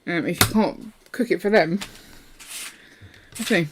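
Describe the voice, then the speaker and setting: A woman's voice: fairly low pitch, normal speed, noisy background. A woman, chatting playfully during a live stream and reading out viewer messages. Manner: playful, chatty, jumps between topics; reads viewer messages aloud. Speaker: co-host of a live building stream. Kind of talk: casual chat while building and reading chat.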